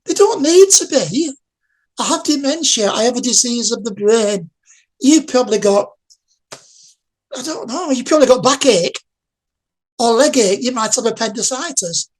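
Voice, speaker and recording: A woman's voice: fairly high pitch, lively intonation, measured pace, long pauses. A woman living with dementia, talking earnestly and directly to the listener in an interview. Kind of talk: interview testimony.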